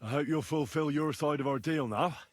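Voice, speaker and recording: A man's voice: a little high, fairly quick, dry recording, lightly acted. An actor playing a stern nobleman who speaks formally and admonishes in a video game.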